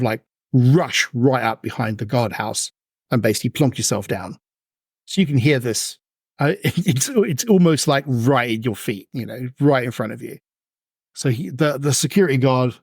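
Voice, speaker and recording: A man narrating as game master in a relaxed, chatty way, laughing often. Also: medium pitch, normal speed, husky, dry recording, studio quality.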